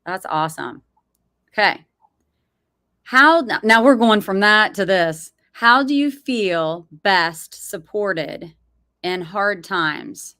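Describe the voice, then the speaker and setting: A woman hosting a casual interview, upbeat and quick to laugh. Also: medium pitch, animated, bright, forceful tone, no room sound. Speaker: podcast host.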